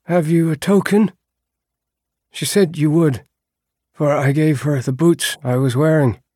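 A man's voice: on the high side, fairly even intonation, a little slow, darkish tone, husky, no echo, studio quality, voice pushed up. A man voicing a tired, heartsore young peasant who speaks in formal, old-fashioned words. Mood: earnest. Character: weary cursed young peasant man, timid and polite.

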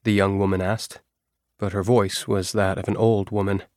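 A man reading a first-person novel aloud in a measured, even storytelling manner. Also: fairly low pitch, no room sound, clean studio sound. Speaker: audiobook narrator.

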